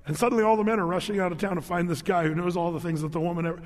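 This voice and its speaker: A male pastor preaching in a church sanctuary, his voice pitched fairly high. He tells his story with animation, restarting sentences, laughing and acting out the people in it. A long reverb rings through the hall behind every phrase. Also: fairly even intonation, rapid-fire. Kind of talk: sermon.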